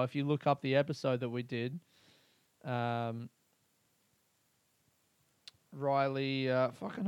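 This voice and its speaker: A man's voice: mid-range voice, creaky, darkish tone, no echo. A man hosting a podcast, chatting casually and swearing as he rambles and mutters to himself. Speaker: podcast host.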